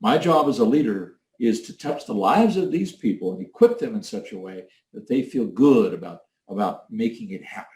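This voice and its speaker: A man's voice: fairly low pitch, expressive, moderate pace, few pauses, a little mellow, slight background noise. A man giving a leadership training talk, coaching emphatically and acting out different tones of voice. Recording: echoey room.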